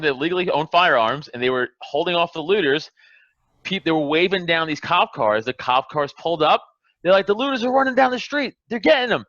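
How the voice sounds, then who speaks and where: A man's voice: fairly high pitch, pushed and bright, no room sound, muffled recording. A man hosting a casual podcast chat, ranting in a heated, profane, emphatic way. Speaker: podcast host.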